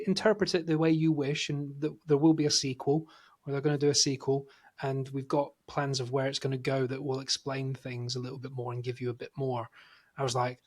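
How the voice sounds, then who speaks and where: A man co-hosting a film review podcast, telling stories in an animated, casual way and swearing freely. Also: medium pitch, fairly quick. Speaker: podcast co-host.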